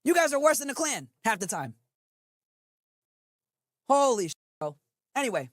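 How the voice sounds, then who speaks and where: A woman's voice: on the high side, sing-song, normal speed, dry recording, clean studio sound. A woman in a played clip ranting in a scornful, sarcastic tone, mocking her targets. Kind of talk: mocking rant.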